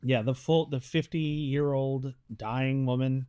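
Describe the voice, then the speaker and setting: A man chatting casually as a podcast co-host, animated, acting out characters' lines as he talks. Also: mid-range voice, takes it slowly, clean tone, no room sound, studio quality. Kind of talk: casual chat reviewing a series.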